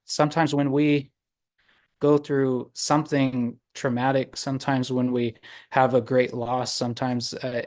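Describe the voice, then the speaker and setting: A man telling a traditional story to an online audience, unhurried, with many pauses and fillers. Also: mid-range voice. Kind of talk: oral storytelling. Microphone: video call.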